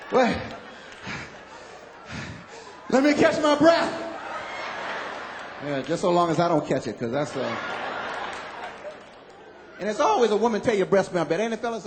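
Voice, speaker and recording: High-voiced man doing stand-up. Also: noisy background. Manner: animated, loud punchlines, acts out voices. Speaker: stand-up comedian. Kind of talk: stand-up comedy routine. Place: comedy club stage with live audience. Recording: live hall recording with audience.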